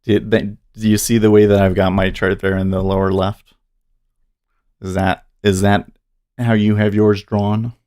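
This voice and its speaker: Deep-voiced man rambling on a trading stream. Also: little pitch movement, unhurried, warm tone, dry recording, clean studio sound. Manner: rambling, self-deprecating, reads chat aloud. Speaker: day trading livestream host. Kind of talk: casual live-stream chat.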